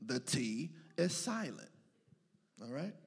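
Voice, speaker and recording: A man's voice: medium pitch, big pitch swings, takes it slowly, vocal fry, husky. A man preaching a sermon, moving between playful asides and rising, chanted calls to his congregation. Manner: building to shouted, chanted call-and-response preaching.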